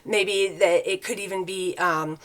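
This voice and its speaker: This tarot reader has a fairly low yet fairly bright voice, steady in tone and a little slow. She drifts through a chatty, casual spiritual talk, frequently asking her listeners "right?"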